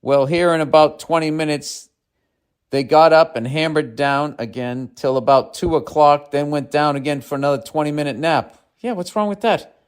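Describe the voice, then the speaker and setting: Brief: folksy Southern-accented male carpenter, exasperated drawl, pitched up, put on by a man. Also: normal speed, clear, resonant tone, close to an everyday voice. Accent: American Southern. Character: Southern male carpenter telling a work story.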